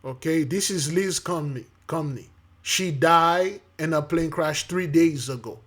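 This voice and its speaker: A man giving casual spoken commentary with a preachy edge, halting often with fillers and restarts while reading news aloud. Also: fairly high pitch, a bit bright. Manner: preachy, addresses listeners as beloved.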